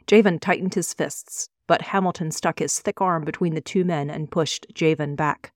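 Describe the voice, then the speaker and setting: A woman reading her own fantasy novel aloud in a measured, expressive narration. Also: deep voice, no room sound, clean studio sound. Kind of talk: audiobook reading.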